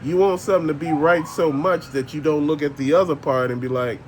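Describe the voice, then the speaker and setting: A man's voice: on the high side, steady tone, fairly quick, a little mellow, slight background noise. An older man, ranting bluntly and profanely as a channel host, laughing often. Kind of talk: casual ranting monologue.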